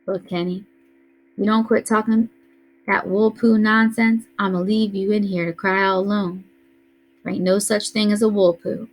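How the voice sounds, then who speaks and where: A woman's voice: mid-range voice, flat delivery, normal speed, natural voice, low-quality recording. A woman reading aloud voices a tough, bossy teenage older brother who scolds in a streetwise way. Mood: scolding.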